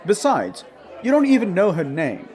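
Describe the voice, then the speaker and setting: A man's voice: high-pitched, wildly swooping pitch, normal speed, darkish tone, some chatter behind. A man voicing a polite, proper hero who patiently chides his friend. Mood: chiding. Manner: patient, chiding.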